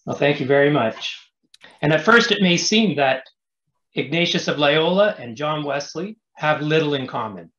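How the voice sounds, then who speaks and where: A pastor presents an academic paper, reading it aloud in a measured, scholarly manner. His voice sits fairly high for a man. The recording is roomy and dull. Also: animated, fairly bright tone. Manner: measured, scholarly delivery with occasional restarts. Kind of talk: formal reading of a prepared paper.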